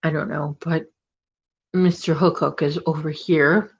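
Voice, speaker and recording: A woman's voice: low-pitched, steady tone, unhurried, dull audio. A woman hosting a crochet livestream, chatting casually and rambling with viewers, full of "like" and "oh my gosh". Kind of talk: casual chat with live viewers.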